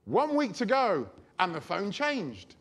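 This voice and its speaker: A man preaching a sermon, telling a personal story in a chatty, animated way. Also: high-pitched, slow pace.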